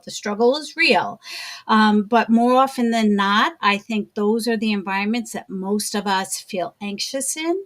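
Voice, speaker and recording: A woman's voice: mid-range voice, a bit bright. New york woman on a video call, medium voice, thoughtful and encouraging, some ums. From New York City. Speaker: summit panelist. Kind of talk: casual discussion.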